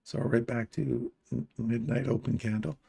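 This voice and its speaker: Male trading-stream host from Canada, dark mellow voice with some fry, casual running commentary to chat. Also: mid-range voice, steady tone, moderate pace. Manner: chatty, pointing at charts and greeting viewers.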